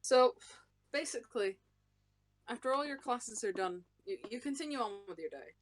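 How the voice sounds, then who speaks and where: A woman narrating as game master of a tabletop game in a brisk, offhand way. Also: fairly high pitch, animated, slight background noise.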